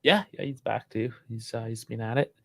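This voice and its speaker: Male co-host, easygoing chat, mid pitch, dry sound, laughs a lot. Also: moderate pace, vocal fry, dry recording. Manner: relaxed, laughs often. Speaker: podcast co-host. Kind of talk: casual live stream chat.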